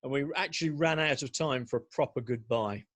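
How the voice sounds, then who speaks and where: A man hosting a podcast, chatting and signing off in a brisk, upbeat manner. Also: medium pitch, a bit bright. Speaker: podcast host. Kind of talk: casual chat and sign-off.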